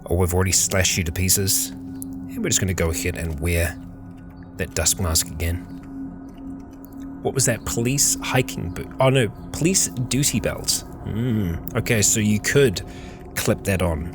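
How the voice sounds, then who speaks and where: A man narrating a game playthrough as host, talking calmly and musing aloud to his character. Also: sits low, measured pace, over music. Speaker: let's play host.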